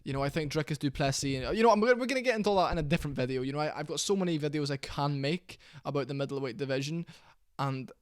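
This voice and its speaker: An excitable man talking casually to camera, blunt and quick to exclaim. His voice sits a little high for a man. The sound is dry, with no room echo. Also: smooth. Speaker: MMA commentary YouTuber.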